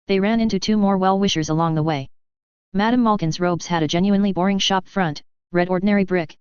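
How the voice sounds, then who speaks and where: A steady audiobook narrator with a very clear voice and an even, measured delivery. The recording is dry and slightly dull. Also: mid-range voice, no echo. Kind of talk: audiobook narration of fan fiction.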